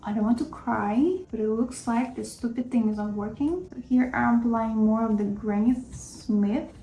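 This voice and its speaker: A woman narrates her makeup routine in a casual, rambling way, full of self-critical asides. Her voice is mellow with a gravelly fry. The recording carries the echo of a roomy space. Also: a little high, steady tone, moderate pace. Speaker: makeup vlogger. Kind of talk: casual makeup tutorial commentary. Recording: echoey room.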